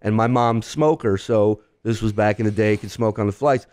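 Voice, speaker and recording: A man's voice: on the low side, fairly quick, clean tone, no echo, clean studio sound. A man from Israel, a podcast guest, telling stories in casual chat and acting out the voices of the people in them. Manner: animated storyteller, acts out quoted voices.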